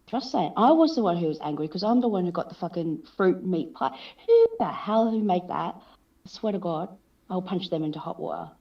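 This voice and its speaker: A woman's voice: on the low side, expressive, normal speed, recorded from a distance, muffled recording. A woman from Australia with an Australian accent, playing a tabletop game, brash and swearing in jokey banter. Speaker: player. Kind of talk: tabletop role-play banter.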